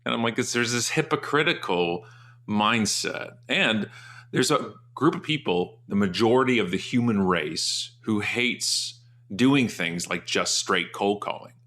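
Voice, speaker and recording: A man speaks as an interview guest, his tone bright and forceful over a fairly low pitch. He tells stories loosely and with humor, and his voice leaps upward whenever he mimics someone else. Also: a little slow. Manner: animated, jumps high in pitch for mocking quotes; loose, joking storyteller. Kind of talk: casual storytelling interview.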